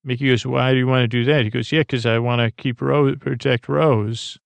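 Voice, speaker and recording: A man hosting a podcast, recapping an episode in a halting, low-key way with many fillers. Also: steady tone, creaky, no echo. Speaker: podcast host.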